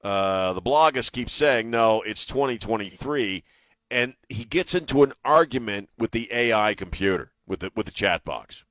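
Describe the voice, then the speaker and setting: A man's voice: medium pitch, expressive, normal speed, hardly any pauses, a bit bright, no room sound. A middle-aged man hosting a talk radio show, stammering and repeating words as he riffs. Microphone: studio microphone.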